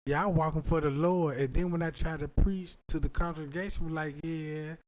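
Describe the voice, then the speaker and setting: A man's voice: a little high, steady tone, a little fast, rough recording. A man rambling through a profane comic monologue, slipping in and out of put-on voices. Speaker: comedian.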